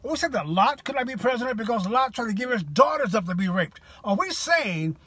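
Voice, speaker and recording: A man's voice: very high voice, animated, a little fast, bright, forceful tone, breathy edge, dry recording. A man giving a rousing, preachy political monologue straight to his viewers, full of rhetorical questions. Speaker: political commentator. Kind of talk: direct-to-camera political monologue.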